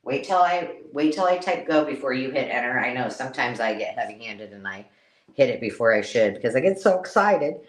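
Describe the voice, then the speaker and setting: A woman hosting a live-stream craft sale, chatty and excitable, counting items aloud as she shows them. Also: extremely low pitch, brisk. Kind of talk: casual live-stream selling chat.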